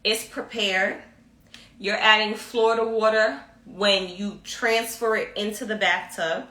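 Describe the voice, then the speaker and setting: A woman instructs viewers in a spiritual ritual in a mid-range, steady, sharp voice at a measured pace, emphatic and repetitive, often checking in with "okay?". The room is echoey and the mic sits at a distance.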